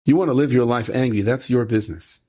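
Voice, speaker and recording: A man, a rabbi, telling a story with a moral lesson in a conversational way, repeating phrases for emphasis. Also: fast talker. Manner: conversational, repeats phrases for emphasis, rising pitch when animated.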